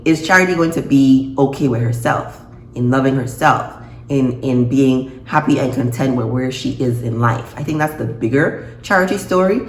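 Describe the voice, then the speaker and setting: A woman reviewing a TV episode in a casual vlog, expressive and quick to laugh and gasp. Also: a bass voice. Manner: expressive, reacts with laughs and gasps. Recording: echoey room, faint noise.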